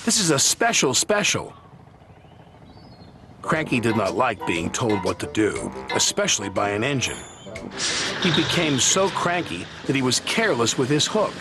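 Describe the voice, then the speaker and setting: A man narrating a children's story in a lively, expressive reading, with loud music underneath. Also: medium pitch, normal speed.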